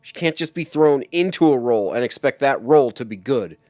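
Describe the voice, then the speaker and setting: A man's voice: mid-range voice, animated, fairly quick, darkish tone, dry recording, studio quality. A young man co-hosting a casual podcast, grumbling in exasperation and swearing often. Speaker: podcast co-host. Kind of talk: casual chat.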